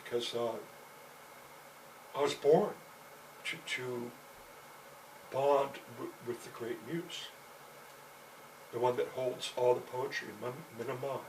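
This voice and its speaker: A man's voice: mid-range voice, fairly even intonation, slow pace, pauses often, a little mellow. Rambling man, heard from a distance. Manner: meandering, profane, constant "you know" fillers. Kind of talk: rambling personal storytelling monologue. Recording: distant mic with faint background noise.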